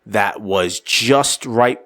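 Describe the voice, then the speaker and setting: A man's voice: on the low side, very slow. A man co-hosting a casual podcast, joking and swearing as he acts out his own thoughts. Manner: profane, jokey, animated storyteller who reenacts his own thoughts. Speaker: podcast co-host.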